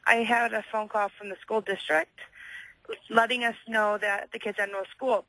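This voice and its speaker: A woman's voice: a little high, pushed and bright, no echo. A woman calling in to a talk radio show, sounding frustrated and indignant. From United States. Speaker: caller. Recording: phone line.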